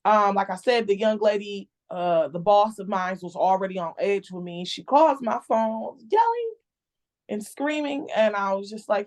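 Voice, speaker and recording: A woman guest on a podcast, telling a personal story in a candid, expressive, casual way. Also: medium pitch, normal speed.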